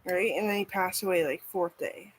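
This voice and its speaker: A woman vlogger rambles casually, swearing freely and saying "like" constantly. Her voice is fairly low, husky and at normal speed, captured on a low-quality recording.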